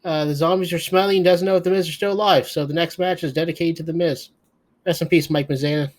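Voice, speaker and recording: A male podcast co-host runs through a casual wrestling show recap that's sleepy, full of profanity, and rambling. He talks at a quick pace, his slightly high voice keeping fairly even intonation.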